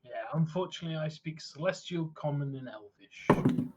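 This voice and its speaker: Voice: mid-range voice, breathy edge, muffled recording. A tabletop game player giving orders in character and chatting about rolls. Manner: laughing, quick in-character quips.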